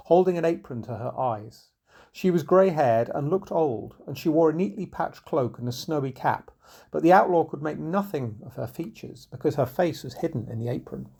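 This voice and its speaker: Gravelly-voiced man reading a storybook tale. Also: on the high side, dark tone. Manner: measured, unhurried storytelling. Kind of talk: scripted storybook narration.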